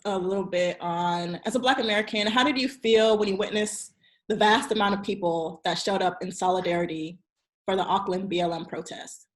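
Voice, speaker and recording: A woman hosts a casual interview, asking loose, filler-laden questions and laughing along with her guest. Her voice sits at an ordinary middle pitch for a woman. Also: a little fast. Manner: brief backchannels, relaxed questions with fillers and laughs.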